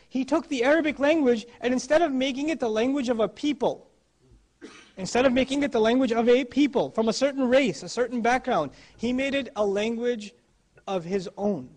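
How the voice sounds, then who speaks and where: A man with a notably high-pitched voice delivers a religious talk. He speaks with emphasis and drives his points home by repeating key phrases. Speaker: Islamic speaker.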